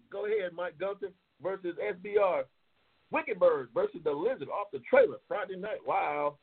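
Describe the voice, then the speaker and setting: Brief: male talk host, gravelly and husky, brash and profane, tinny phone-quality audio. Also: high-pitched, normal speed. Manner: loud, profane and excitable, yelling at times. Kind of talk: casual livestream chat, reading race matchups.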